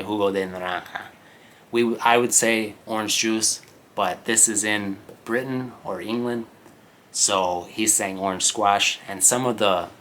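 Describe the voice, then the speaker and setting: A low-voiced man reads a novel aloud for English learners and stops now and then to explain words. His delivery is slow and explanatory, with frequent check-ins. A faint hiss sits under the voice. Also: sharp tone. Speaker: English teacher.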